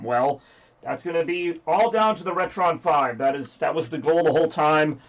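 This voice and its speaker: A man's voice: on the high side, animated, a little fast, highs cut off. A man with a scratchy voice hosting a livestream, rambling casually and joking with chat. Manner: rambly, jokey, reads chat aloud. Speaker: livestream host.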